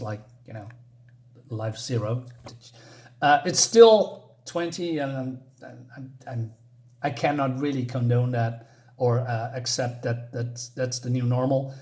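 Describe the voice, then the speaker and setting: A man's voice: mid-range voice, a little mellow. A man reviewing a comic book in a casual vlog, talking hesitantly with many fillers and restarts.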